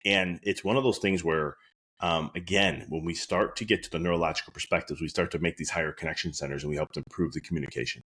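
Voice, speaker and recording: A man's voice: deep voice, steady tone, fast talker, a bit bright, slightly rough. A man, a chiropractor hosting a podcast, telling earnest patient stories in a casual monologue. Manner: anecdotal, earnest storytelling.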